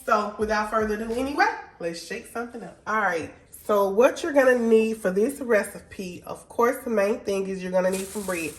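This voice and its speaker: A woman's voice: medium pitch, moderate pace. A woman hosting a casual cooking tutorial in her home kitchen, stuffed up from a cold and chatting in a down-home, informal way. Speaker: cooking show host.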